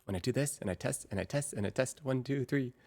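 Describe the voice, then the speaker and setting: A young adult woman livestreaming in casual chat, excitable and quick to repeat herself in bursts. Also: rumbling low.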